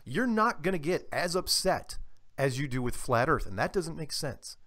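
A man talking as a guest on a radio interview, telling animated stories with many restarts. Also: a little high, moderate pace. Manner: animated storyteller, frequent restarts. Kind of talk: casual radio interview chat.

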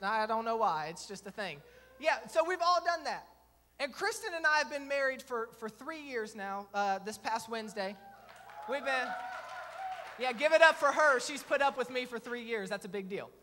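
Bright-voiced young preacher. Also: male voice, very high voice. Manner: storytelling with self-mocking humor, acting out dialogue. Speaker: pastor. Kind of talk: sermon. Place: church sanctuary with a congregation. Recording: long reverb of a church hall.

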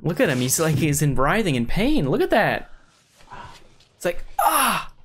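A man's voice: a little high, very animated, moderate pace, slight background noise. A man streaming, giving casual reaction commentary with frequent exclamations and laughter.

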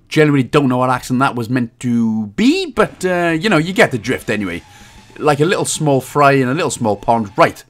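A man's voice: mid-range voice, big pitch swings, a little fast. A man with a Welsh accent giving casual game walkthrough commentary, jokey and self-deprecating and swearing freely. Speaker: gaming guide host.

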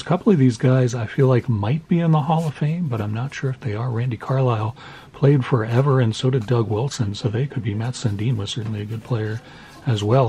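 A man of middle pitch with a very crisp, clear voice chats casually as he opens packs of trading cards. He rambles through asides and pokes fun at himself. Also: warm tone, rough recording. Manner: chatty, self-deprecating, rambling asides. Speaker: card-collecting channel host. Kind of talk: casual pack-opening commentary.

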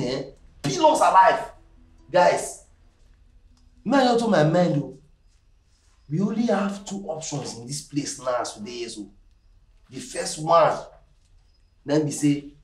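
An actor with a Nigerian Pidgin accent playing a young corps member who rambles excitedly in panic. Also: male voice, high voice. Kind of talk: comic film acting. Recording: echoey room with film music.

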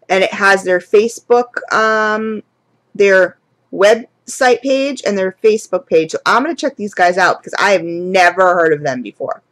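A woman's voice: medium pitch, no room sound, low-quality recording. A woman gushing through an unboxing vlog, effusive and chatty as she talks straight to her viewers, at times near tears. Her voice is close and dry, with little room sound around it. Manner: chatty, addresses viewers as guys. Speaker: candle and wax hobby vlogger.

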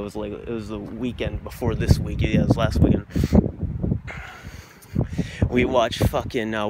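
A man's voice: medium pitch, noisy background. A young man vlogging while walking outdoors at night, rambling in a goofy, profane way into a phone camera. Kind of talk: rambling casual monologue.

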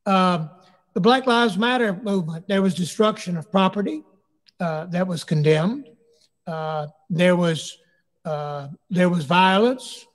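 High-voiced bishop in an echoey hall. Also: male voice, unhurried. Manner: earnest, anecdotal preacher's way of talking. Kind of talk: speaking at a church community forum. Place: church hall. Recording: long echo of a large hall.

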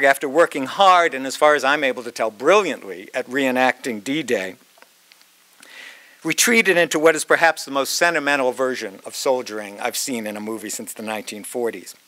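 Bright-voiced wry older lecturer. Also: male voice, medium pitch. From Massachusetts. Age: 60s. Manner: reflective, wry, measured with dramatic pauses. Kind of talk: reading a prepared lecture.

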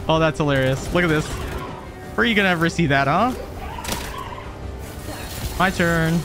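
A man streaming a game, reacting with excited, jokey commentary and frequent laughs. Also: on the high side, unhurried, pauses often, over music. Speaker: gaming streamer.

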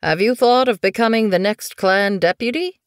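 A woman voicing a gruff old male medicine cat who speaks raspy, slow and ominous, in a dry, close recording. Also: medium pitch, dry recording, voice pushed up, natural voice.

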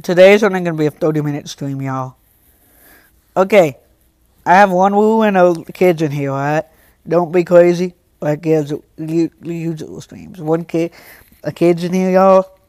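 Teen boy livestreamer, high and smooth, dry close sound, chats straight to viewers and flares up fast. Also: a little mellow, dry recording. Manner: talks straight to chat, quick to anger, protective. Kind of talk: casual livestream chat.

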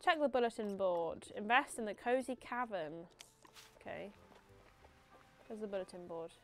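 A woman's voice: mid-range voice, expressive, moderate pace, faint music behind. A young woman streaming a video game, chatting playfully with viewers and laughing at herself.

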